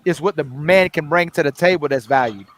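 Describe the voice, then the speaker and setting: Young man hosting, fairly high voice. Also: a little fast, a bit bright. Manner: frequent agreeing interjections, repeats words when starting. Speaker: host. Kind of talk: casual debate talk.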